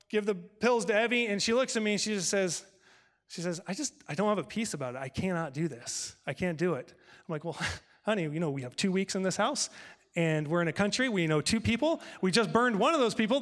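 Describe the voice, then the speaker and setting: A male pastor telling a personal story in a sermon, acting out conversations with lively shifts of voice. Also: high voice, long reverb tail. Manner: animated, acts out dialogue with God and his wife.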